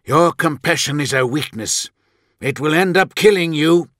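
A man voicing a stern, impatient male warlord who speaks in clipped, forceful lines. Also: lowish voice, expressive, unhurried, no room sound, studio quality. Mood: angry.

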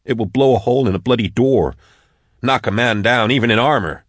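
A man voicing a frightened, sharp-tongued young woman soldier who swears and snaps sarcastically. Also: mid-range voice, a little fast, dry recording, pitched above the performer's own voice, lightly acted. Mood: snappish.

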